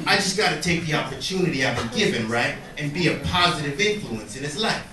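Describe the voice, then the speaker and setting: A man's voice: on the high side, lively intonation, quick pace. A man doing a profane, conversational stand-up set who keeps asking "right?" as he tells his story. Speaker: stand-up comedian. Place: comedy club stage before a live audience. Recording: roomy club, mic far off, loud crowd.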